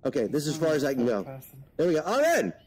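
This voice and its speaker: A man's voice: mid-range voice, rapid-fire, poor audio. A man doing a stand-up comedy set, rambling and self-mocking, with lots of ums. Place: virtual world comedy venue. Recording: loud crowd chatter behind.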